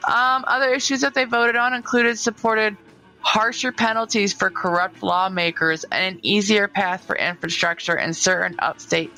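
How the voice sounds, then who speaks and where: A woman's voice: mid-range voice, bright, forceful tone, low-quality recording. A young woman co-hosting a casual podcast, joking loosely and slipping between regional ways of talking. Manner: loose, joking, profane, drifts between accents. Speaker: podcast co-host. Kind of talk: casual chat.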